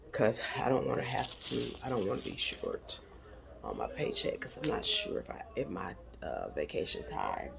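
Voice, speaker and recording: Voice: mid-range voice, vocal fry. A crochet vlogger chatting casually and rambling aloud, out of breath as they talk through their market prep. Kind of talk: casual chat.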